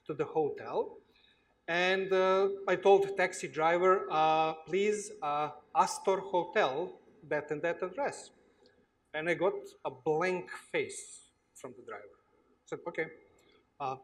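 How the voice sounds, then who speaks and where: A man with a Slavic accent gives a workshop talk to students, his voice pitched a little above the usual for a man. He speaks very slowly, stopping often on "uh" and repeating himself as he searches for words. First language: Slavic language. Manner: slow, halting, with frequent uh pauses and repeats. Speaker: guest lecturer. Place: lecture hall.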